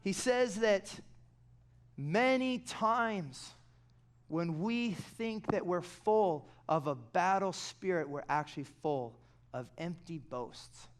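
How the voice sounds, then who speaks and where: A pastor preaching a sermon, telling stories animatedly and dropping into quiet, intense passages. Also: male voice, high-pitched, animated, slow.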